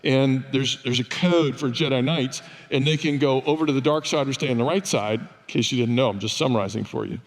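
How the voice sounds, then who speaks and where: An older male pastor preaches a sermon in a mid-range voice, fairly quick and with few pauses. He tells stories conversationally, with a wry, self-deprecating touch, and a long reverb fills the church sanctuary.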